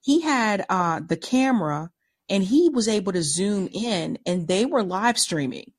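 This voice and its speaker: A woman's voice: medium pitch, lively intonation, measured pace, slightly rough. A woman co-hosting a podcast, chatting casually and rambling with restarts and fillers. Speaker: podcast co-host. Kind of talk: casual chat.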